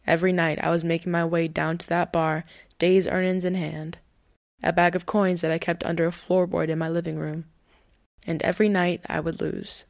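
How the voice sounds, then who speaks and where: A woman's voice: on the low side, flat delivery, normal speed, vocal fry, no echo, clean studio sound. A woman voicing an old male gambler ghost with a southern drawl, telling his story in a folksy, boastful way. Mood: reminiscing.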